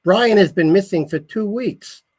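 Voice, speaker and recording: A worried older woman with a Brooklyn accent pours out her fears, slow and pleading, as a man puts her on. The voice sits high, with a husky, breathy edge. She sounds fretful and on the verge of tears throughout. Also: sing-song, heavily acted.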